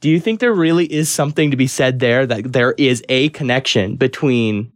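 Male interviewer, mid-pitched, dry close mic, thoughtful and searching. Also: moderate pace, no room sound. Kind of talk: conversational interview question.

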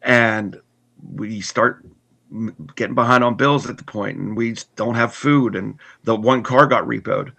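Guy telling his life story, earnest, stumbles n repeats, bright edge to his voice, mid pitch. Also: steady tone, gravelly. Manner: earnest, halting with restarts and repeats. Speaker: guest telling his testimony. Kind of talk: personal story in conversation.

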